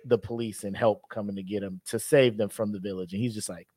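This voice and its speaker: A man co-hosting a podcast in casual chat, animated storytelling that breaks into loud acted-out voices. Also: on the low side, quick pace, no echo. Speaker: podcast co-host.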